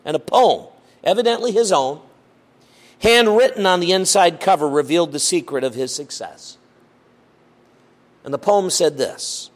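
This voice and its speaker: A man preaching a sermon, slow and emphatic, asking the listeners rhetorical questions. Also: sits high, lively intonation.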